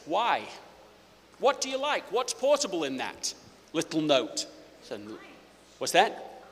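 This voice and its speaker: A man giving a live presentation to an audience, playful and energetic, often restarting his phrases. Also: high voice, slow pace, a little hiss or hum. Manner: energetic, self-interrupting, playful. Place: auditorium with audience. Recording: hall reverb.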